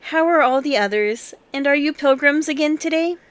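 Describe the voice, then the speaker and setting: Eine Frau spricht eine freundliche feine Dame. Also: female voice, high voice, normal speed, dry recording, voice pushed up, natural voice. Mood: kindly. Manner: gentle, polite. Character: kindly genteel lady.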